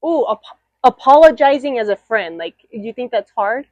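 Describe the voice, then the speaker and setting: A young woman hosts a candid podcast chat between friends, speaking at a normal speed in a fairly high voice. She tells stories animatedly, laughs often, and acts out the lines she quotes. The sound is lo-fi but has no echo.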